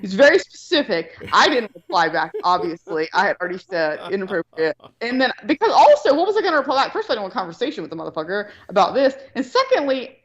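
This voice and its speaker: A woman's voice: mid-range voice, very animated, fast talker, few pauses. Woman, casual chat, profane, rambling, muffled lo-fi audio. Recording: dull lo-fi line.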